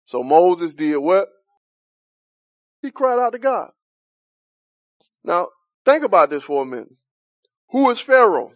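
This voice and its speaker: A man's voice: high voice, very animated, a little slow, pauses often, no room sound. A man leading an interactive Bible study, asking the group questions, chuckling often and talking in a loose, informal way.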